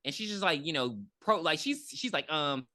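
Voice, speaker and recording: A woman with a deep voice co-hosts a casual movie review podcast, retelling a film's plot at normal speed. She animates the story by voicing characters' lines and laughing along. The recording is dry.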